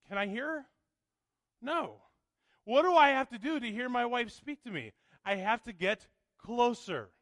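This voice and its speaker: A man's voice: very high-pitched, bright, forceful tone, no echo. A male pastor preaching a sermon, emphatic and full of rhetorical questions to the congregation.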